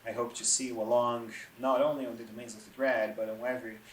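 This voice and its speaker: A man hosts an interview, asking questions in formal, slightly halting phrasing. His voice comes across a roomy, echoey space with a faint hiss underneath. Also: mid-range voice, level tone. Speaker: interview host. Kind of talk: interview hosting. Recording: echoey room with faint noise.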